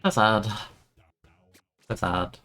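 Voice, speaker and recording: A young man commentates his own gameplay in a lowish voice, swinging between excitable outbursts and mock despair, often stammering and repeating himself. Faint game music plays behind him. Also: extremely slow. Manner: excitable, giggly, self-mocking, stammers and repeats words. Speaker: streamer playing a video game.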